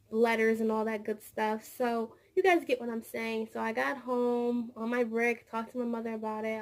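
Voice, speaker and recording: A woman with a slightly high voice talks casually to her camera, looping back and repeating words as she goes. There is a gravelly fry running through her speech. She acts out the lines of the people in her story as she tells it. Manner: rambling, repeats words, acts out quoted dialogue. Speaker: vlogger; childcare teacher.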